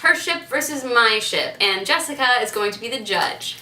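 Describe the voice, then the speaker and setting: A woman's voice: a little high, lively intonation, moderate pace, pushed and bright, far from the mic, a little hiss or hum. A young woman hosting a casual chat with friends, giggly and chatty. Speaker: host. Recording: roomy sound from a camera across the room.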